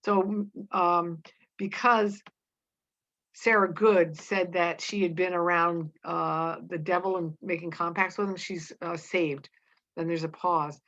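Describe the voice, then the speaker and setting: Lady teacher reading a play out loud n explaining it, halting, bright voice, muffled lo-fi. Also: on the low side, fairly even intonation. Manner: casual, halting, with many fillers and restarts. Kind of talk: reading a play aloud with commentary. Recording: dull lo-fi recording.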